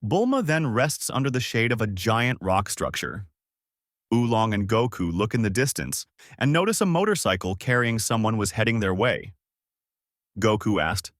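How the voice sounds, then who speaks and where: A man narrates a fan story in a plain read-aloud manner. His pitch moves a lot, and the recording is dry and close. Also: expressive, normal speed, fairly bright tone, no room sound.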